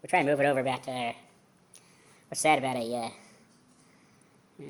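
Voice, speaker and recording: A man's voice: medium pitch, steady tone, fairly quick, long pauses. A man joking to himself while giving casual commentary on restoring a car in his home garage.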